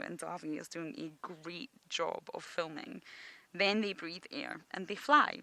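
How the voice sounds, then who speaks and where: A woman's voice: medium pitch, bright, forceful tone, dry recording. A woman from Britain, guiding a live outdoor game drive and explaining wildlife with enthusiasm. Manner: enthusiastic, explaining nature facts to viewers. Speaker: safari guide.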